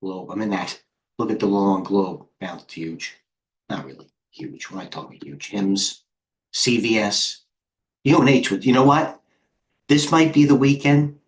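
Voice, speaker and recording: A middle-aged man hosting a live trading stream, talking fast and excitably as he flips through charts and speaks to viewers in the chat. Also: fairly low pitch. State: out of breath. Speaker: host and head trader.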